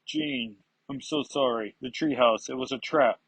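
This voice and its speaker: A man's voice: mid-range voice, normal speed, husky, no room sound. A man voicing a wounded young male hero, reading his lines in a pleading, anguished way. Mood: desperate.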